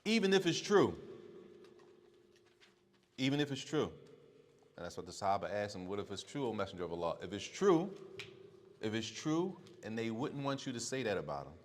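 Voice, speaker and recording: Low-voiced man teaching in a reverberant hall. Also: sing-song, a little fast. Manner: repeats points for emphasis and quizzes the audience. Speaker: religious teacher. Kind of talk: casual classroom lesson. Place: mosque or community center hall.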